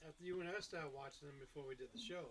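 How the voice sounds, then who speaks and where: A man's voice: a little high, rapid-fire. A man co-hosting a podcast in casual chat, rambling through long explanations with restarts. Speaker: podcast co-host. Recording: hissy background noise.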